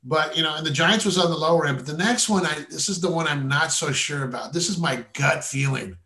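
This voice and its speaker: A fairly high-voiced man from the San Francisco Bay Area talks through his football picks in relaxed, confident bursts. His sound carries a roomy echo. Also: fairly quick. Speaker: sports picks presenter. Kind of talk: casual sports betting chat.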